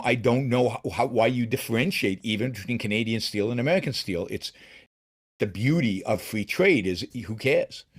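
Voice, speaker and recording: A middle-aged man hosting a solo political commentary show, talking emphatically with frequent restarts and repeated words. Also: on the low side. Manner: emphatic, with many restarts and repetitions. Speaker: show host.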